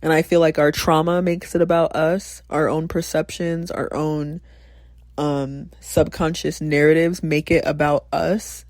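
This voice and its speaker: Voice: medium pitch, little pitch movement, measured pace, a little mellow, dry recording. A podcast host who also teaches, talking in a casual, passionate, rambling way, swearing often, laughing and thinking aloud. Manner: passionate, rambling, frequent profanity.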